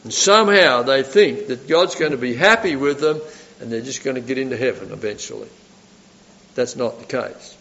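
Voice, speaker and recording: A man preaching a sermon, putting rhetorical questions to his listeners and swinging between loud emphasis and soft asides. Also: mid-range voice, moderate pace, creaky. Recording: reverberant hall, dull lo-fi sound.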